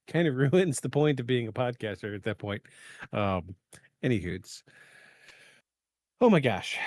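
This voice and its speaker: A man hosting a live podcast in casual chat, rambling with many fillers and clearing his throat from allergies. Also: mid-range voice, dry recording. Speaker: podcast host. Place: home setup in the eastern US.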